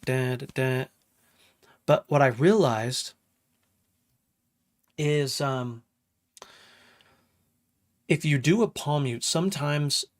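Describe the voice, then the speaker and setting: A man explaining his music session in a casual live-stream walkthrough, greeting chat and humming parts aloud in a home studio. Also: mid-range voice. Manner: talks while working, hums riffs aloud, greets chat.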